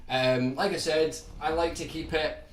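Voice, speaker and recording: A young Scottish man with a toned-down accent, chatting casually to viewers on his guitar livestream in a relaxed, rambling way, often restarting his words. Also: on the high side, measured pace, distant mic. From Scotland. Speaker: guitar YouTuber hosting a livestream. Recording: roomy sound from off the mic, faint background hiss.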